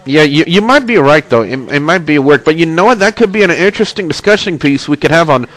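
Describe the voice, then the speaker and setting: A man's voice: fairly high pitch, animated, fast talker, fairly bright tone, poor audio. A man hosting a casual wrestling and gaming webcast, congested with a stuffy nose, chatty as he plugs links and reads the chat. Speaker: host of a wrestling and video game webcast. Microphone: webcam mic.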